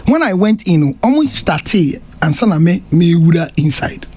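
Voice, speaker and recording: Ghanaian guy on a radio panel, husky voice, pitch swinging all over, arguing his case. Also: very animated, normal speed, a little mellow. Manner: insistent, mixes English and Twi. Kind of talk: heated radio panel talk. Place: radio studio.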